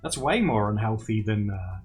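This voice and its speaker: A man's voice: on the low side, lively intonation, normal speed. A young man hosting a casual livestream, chatting with viewers and reading their comments, laughing often. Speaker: livestream host. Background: faint background music.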